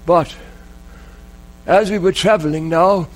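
A man preaching a sermon, telling a story in an earnest, emotional way with dramatic pauses. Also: sits high, soft background music, rough recording.

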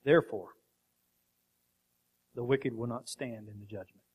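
A man's voice: medium pitch, unhurried, darkish tone, breathy edge. A man preaching a sermon with emphatic rhetorical questions.

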